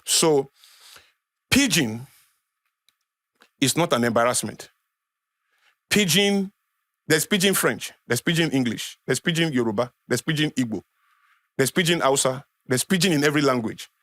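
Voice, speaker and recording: A man's voice: medium pitch, expressive, normal speed, long pauses, fairly bright tone, no room sound. A middle-aged man with a Nigerian accent, a guest speaking with passion on a podcast, emphatic and lecturing, repeating phrases for effect.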